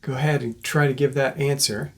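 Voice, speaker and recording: A man with a slightly husky voice teaches a recorded class. He talks patiently, explains each point step by step and keeps checking that his students are following. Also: mid-range voice, steady tone, a little fast.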